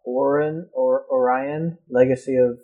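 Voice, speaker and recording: A young man co-hosting a casual podcast, teasing and blunt, reading forum posts aloud haltingly. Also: medium pitch, fairly even intonation, phone-quality sound. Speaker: podcast co-host. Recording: amateur home podcast recording.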